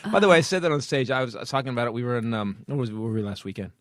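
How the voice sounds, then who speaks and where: Animated comedian hosting a podcast. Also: male voice, medium pitch, no room sound, clean studio sound. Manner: animated, riffing with sudden shouts.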